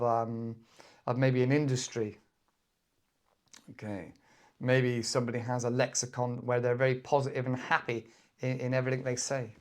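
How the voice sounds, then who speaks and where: British male English teacher, casual lesson, chatty, mid-pitched voice, jumps into playful example voices. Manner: chatty, acts out quick example voices with bursts of excitement.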